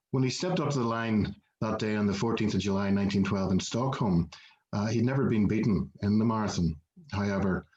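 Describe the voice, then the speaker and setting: A man gives a prepared conference presentation in a fairly low voice, telling a story from his notes. He talks steadily and drops in plenty of "uh" fillers. The recording sounds dull and lo-fi. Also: darkish tone. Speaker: museum manager presenting at a heritage conference.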